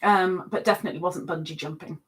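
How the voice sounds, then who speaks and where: A woman's voice: on the low side, steady tone, fast, a bit bright. A woman hosting a casual live stream, reading out viewers' comments and answering them in a teasing, chatty way.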